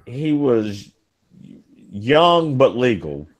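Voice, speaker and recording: A man hosting a casual group chat, rambling and halting with lots of fillers. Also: mid-range voice, big pitch swings.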